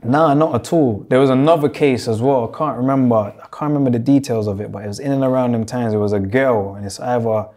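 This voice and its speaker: A young man from Jamaica with a Jamaican-tinged London accent, telling his story in a relaxed interview full of street slang. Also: mid-range voice, fast, hardly any pauses. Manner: laid-back street slang, lots of "you get me". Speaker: guest.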